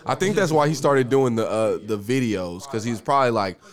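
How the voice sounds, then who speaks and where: A man's voice: mid-range voice, a little fast. A man hosting a podcast in casual, profane chat, telling stories with lots of laughter. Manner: animated, laughing, profane storytelling. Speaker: podcast host.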